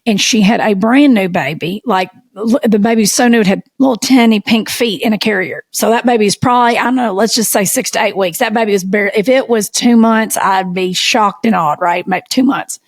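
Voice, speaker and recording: Southern woman co-host, spins lively folksy yarns, dead-dry mic sound. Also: medium pitch, brisk, few pauses, dry recording. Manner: animated, folksy storyteller. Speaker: podcast co-host. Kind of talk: casual storytelling chat.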